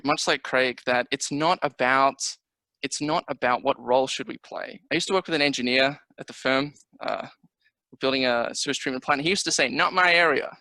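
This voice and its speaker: A man running for local council speaks with passion and a gravelly edge. His tone is bright and a little tense as he fires off rhetorical questions. The sound is dry and close, as on a video call. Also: mid-range voice, no echo, rough recording. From Australia. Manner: impassioned, fast, rhetorical questions. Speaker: council candidate. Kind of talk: campaign speech on a video call.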